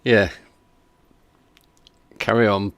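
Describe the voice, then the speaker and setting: A man's voice: fairly low pitch, flat delivery, drawn-out words. A man hosting a reaction stream, chatting casually and skeptically while reading out viewer comments. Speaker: reaction video host.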